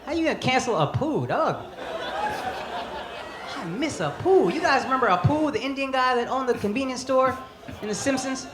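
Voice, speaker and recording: A man's voice: extremely high pitch, animated, normal speed, long pauses. A man in his thirties performing a brash, profane stand-up comedy set on a club stage. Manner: brash, profane, punchy delivery. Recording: roomy live club recording with crowd noise. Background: loud audience laughter.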